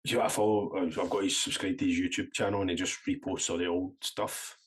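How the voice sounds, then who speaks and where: A Scottish man co-hosting a podcast, chatting casually with quick questions and laughs. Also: low voice, fairly even intonation, breathy edge. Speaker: podcast co-host. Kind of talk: casual chat.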